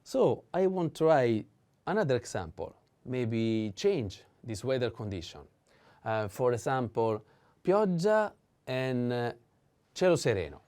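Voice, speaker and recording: Male language teacher with an Italian accent, mellow tone, unhurried and animated delivery. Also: mid-range voice. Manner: patient, repeats words slowly with careful stress. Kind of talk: language lesson explanation.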